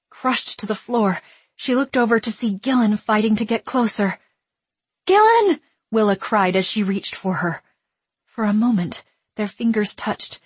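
Husky woman narrating a story. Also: medium pitch, no room sound. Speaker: audiobook narrator. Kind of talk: scripted narration.

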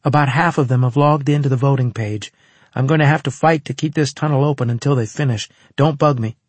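A man voicing Natasha, an eager young female marine who hacks her way onto networks, talking quick and insistent. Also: mid-range voice, slightly rough, no room sound, voice pushed up, close to an everyday voice. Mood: focused. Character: quick, focused young woman tech-hacker marine.

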